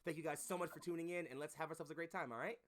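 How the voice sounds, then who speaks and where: Fast-talking, effusive male streamer. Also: on the high side, steady tone, fairly bright tone. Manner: effusive and chatty. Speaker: co-host and player. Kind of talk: casual stream chat.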